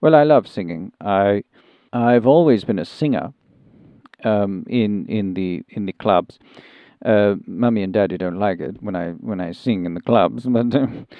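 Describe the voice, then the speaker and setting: A man's voice: mid-range voice, dry recording, phone-quality sound, close to an everyday voice. A man doing a dithering posh English gent. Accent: English, Sussex. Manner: hesitant, rambling, many ums and restarts; prim and genteel. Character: posh English gentleman turned country singer, fussy and dithering. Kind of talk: improvised comedy interview.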